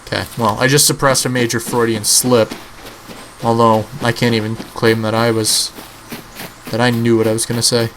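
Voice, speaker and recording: A man's voice: mid-range voice, level tone, normal speed, fairly bright tone, a little hiss or hum, rough recording. Young man in rambling game commentary. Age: early 20s. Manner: rambling, profane, offhand. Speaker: gaming channel host. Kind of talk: casual gameplay commentary.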